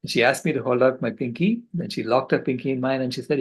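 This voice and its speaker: An older man on a video call, giving a passionate, earnest storytelling talk with halting restarts. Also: mid-range voice, husky, rough recording. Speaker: conference speaker.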